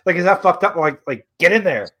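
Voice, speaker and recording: A man's voice: high voice, expressive, fairly quick, fairly bright tone. A young man co-hosting a podcast, rambling through hypotheticals with a lot of "like" in casual chat. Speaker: podcast co-host.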